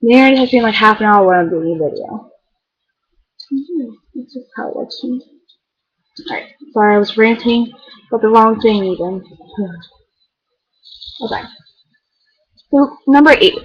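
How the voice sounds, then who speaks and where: A woman's voice: a little high, normal speed, pauses often, breathy edge, dull audio. A teenage girl chatting casually to the camera, rambling and filling her talk with "like". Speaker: beauty vlogger. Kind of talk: casual chat.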